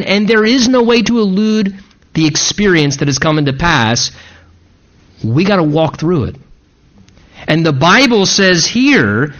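A man's voice: on the high side, a bit bright, lo-fi sound. A middle-aged man preaching a sermon, emphatic and building in intensity on key phrases. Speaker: pastor.

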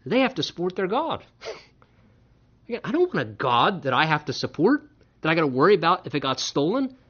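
A fairly high male voice delivers a lively sermon, breaking up the teaching with wry jokes. The recording is dull and lo-fi. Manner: animated, with wry humorous asides. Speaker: pastor.

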